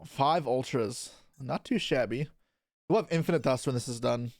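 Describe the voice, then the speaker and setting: A man's voice: medium pitch, normal speed, a little mellow, no room sound, clean studio sound. A young man chatting casually on a live stream, answering his chat aloud while opening card packs, with offhand swearing. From Canada.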